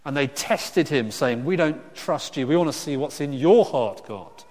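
A man preaches a sermon in an easy, conversational way, often restarting phrases and slipping into lively asides. His voice sits in a middle register. Long hall reverb trails after his words. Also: fairly high pitch, a little slow.

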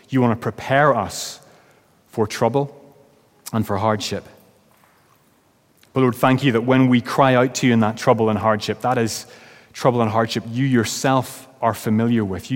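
A man preaching a sermon as pastor, then leading a closing prayer. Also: mid-range voice. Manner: reads a story aloud with rising, shouted quotes. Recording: long reverb of a church hall.

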